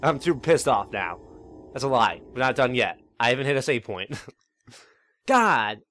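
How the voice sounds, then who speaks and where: A young man commentating his own game playthrough, excitable, swearing and yelling at enemies. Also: mid-range voice, a little slow, slight background noise. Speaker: Let's Play commentator. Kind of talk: gameplay commentary.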